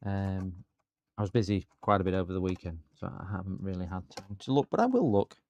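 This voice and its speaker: A man's voice: low-pitched, little pitch movement, a little fast, highs cut off. A man chatting through a live computer repair stream from his workshop. He rambles and talks to his viewers as he works. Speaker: repair channel host.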